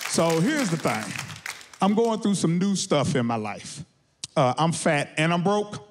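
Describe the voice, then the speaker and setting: Stand-up comedian man, high voice, from Texas, animated shouted punchlines, audience faintly heard. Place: studio stage with a live audience.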